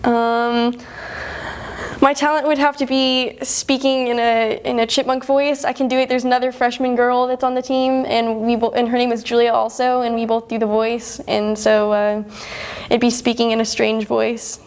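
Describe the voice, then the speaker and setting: Earnest young woman athlete, flat delivery. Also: fairly high pitch, moderate pace, clear, resonant tone. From Houston, Texas, USA. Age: young adult. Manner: earnest, modest, speaks in long rambling sentences. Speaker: college soccer player interviewee. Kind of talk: post-game sports interview.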